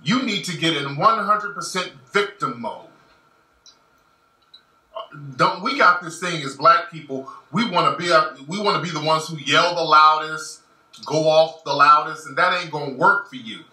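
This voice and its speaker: Commentator, male, slangy and emphatic; bright high voice, far off in an echoey room. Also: normal speed. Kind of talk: casual monologue.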